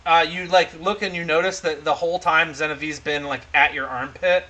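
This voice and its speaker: A man's voice: a little high, steady tone, a little fast, sharp tone, low-quality recording. A man running a tabletop game as game master, narrating loosely with lots of fillers and restarts. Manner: rambling, filler-heavy narration.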